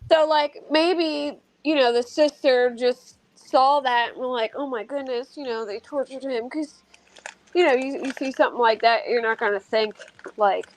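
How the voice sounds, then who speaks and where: A woman's voice: sits high, normal speed, rough recording. A woman hosting a casual true-crime panel chat, talking loosely with many fillers. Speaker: host.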